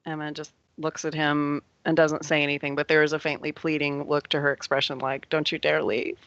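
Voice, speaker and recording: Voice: mid-range voice, monotone, fairly quick, fairly bright tone, dry recording. A game master narrating a tabletop game in a casual, easy-laughing way. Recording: dry lo-fi audio.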